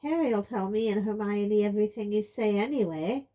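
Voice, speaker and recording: A woman's voice: medium pitch, normal speed, warm tone, pitched above the performer's own voice, close to an everyday voice. A woman reading an audiobook, voicing a touchy, insecure teenage boy. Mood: heated.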